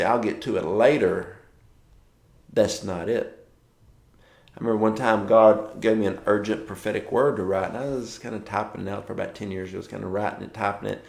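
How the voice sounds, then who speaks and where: A man's voice: on the low side, vocal fry, a little mellow, reverberant. A man giving a casual morning devotional as a pastor, telling stories and acting out quoted dialogue in a conversational way.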